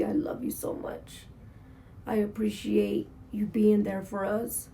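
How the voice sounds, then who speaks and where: Gravelly-voiced woman vlogging candidly. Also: mid-range voice, mellow, slight background noise. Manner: candid, emotional, rambling confessional talk. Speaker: motorcycle vlogger. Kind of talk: casual vlog monologue.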